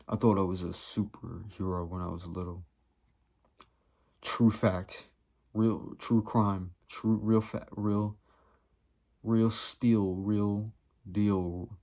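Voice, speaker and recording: A man's voice: fairly low pitch, fairly even intonation, takes it slowly, gravelly, long pauses, warm tone. A man vlogging in a rambling comedic monologue, profane and jumping from topic to topic.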